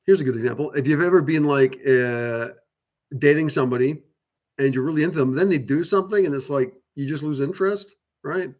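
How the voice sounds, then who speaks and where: A man's voice: a little high, a little fast, a little mellow. A man hosting a channel, talking casually and at length to viewers about spiritual topics, rambling with many fillers, restarts and casual swearing. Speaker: channel host.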